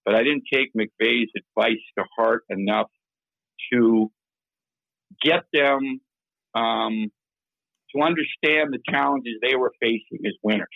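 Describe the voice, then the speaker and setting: An older man, a former hockey executive, speaking candidly and haltingly in an interview, often restarting his words. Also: medium pitch, vocal fry, no echo, lo-fi sound. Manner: halting, repeats words, plain-spoken and self-critical. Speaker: interview guest, former hockey general manager. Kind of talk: candid interview over a call-in line.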